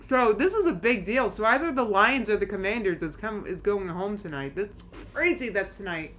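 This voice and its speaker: A woman chats with her live chat during a home stream, rambling anxiously with many restarts and nervous laughs. She speaks in a mid-range, somewhat bright voice, animated and at a moderate pace.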